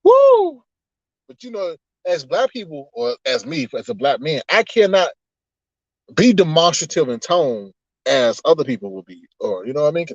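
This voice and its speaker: A male streamer talks loosely to his viewers, laughing often and slipping into preachy asides. His fairly high voice swoops up and down. The sound is dry and a little dull. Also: sing-song, moderate pace, no room sound. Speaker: online streamer. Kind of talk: casual livestream chat.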